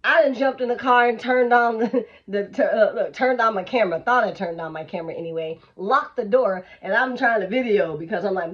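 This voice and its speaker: A woman vlogger telling an animated, emphatic storytime, on a dull lo-fi recording. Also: mid-range voice, brisk, slightly rough. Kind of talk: storytime vlog.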